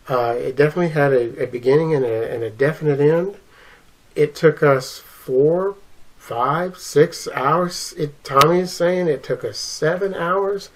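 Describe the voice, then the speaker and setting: Halting speaker sharing game impressions. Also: mid-range voice, poor audio. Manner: halting, filler-heavy, earnest. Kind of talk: casual recap to camera.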